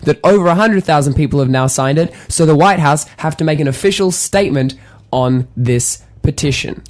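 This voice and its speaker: A man's voice: fairly high pitch, moderate pace. A young man co-hosting a casual comedy radio chat, rambling and self-deprecating, currently losing his voice. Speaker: co-host.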